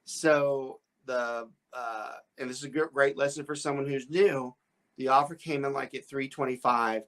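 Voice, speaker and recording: His voice sits at a medium pitch, a little bright, with fairly even intonation and a normal pace. The man, a real estate broker and podcast host, tells a rambling tale, stammering, restarting, and laughing frequently.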